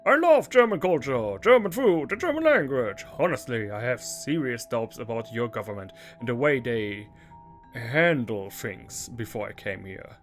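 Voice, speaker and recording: A man voicing a brash, adventurous male American journalist with a put-on American accent, loud and emphatic. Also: medium pitch, animated, normal speed, soft background music, close to an everyday voice. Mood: eager.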